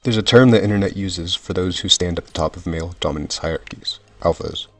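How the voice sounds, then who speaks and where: Man, very deep voice, scripted essay narration, measured delivery, faint music underneath.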